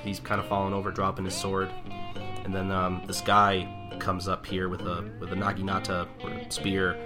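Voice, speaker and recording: A man's voice: deep voice, moderate pace, music in the background. A man co-hosting a podcast, recapping a manga chapter in a rambling, casual way with lots of fillers. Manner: rambling, many fillers, lively. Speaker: podcast co-host.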